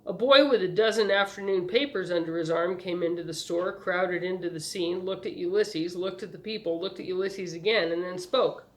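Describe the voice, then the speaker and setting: Calm woman reading a story aloud. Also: lowish voice, moderate pace, few pauses. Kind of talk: audiobook narration.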